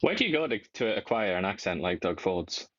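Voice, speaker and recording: A man's voice: fairly low pitch, very animated, a little fast, a bit bright, lo-fi sound. A man co-hosting a talk show, chatting with wry, ironic asides. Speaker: co-host. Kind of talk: casual political chat.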